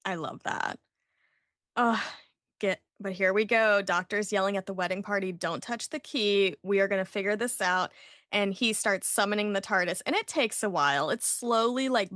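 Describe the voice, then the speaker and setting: A woman, hosting a podcast and retelling an episode in an animated way, acting out the characters' lines. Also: medium pitch, moderate pace, no room sound, studio quality. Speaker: podcast host recapping an episode. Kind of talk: casual podcast recap.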